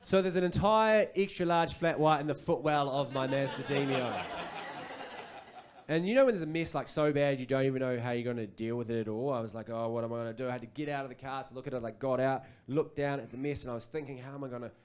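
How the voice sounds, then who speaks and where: A man in his thirties with a New Zealand accent, performing a stand-up comedy set on a club stage and rambling through an anecdote full of animated asides. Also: mid-range voice, a little fast, background noise.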